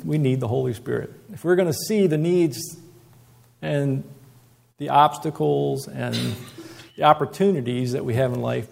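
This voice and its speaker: A male preacher delivering a sermon in an earnest, conversational way. His voice sits slightly high, with a gravelly, creaky texture. He moves between plain talk and reading scripture aloud. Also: a little mellow.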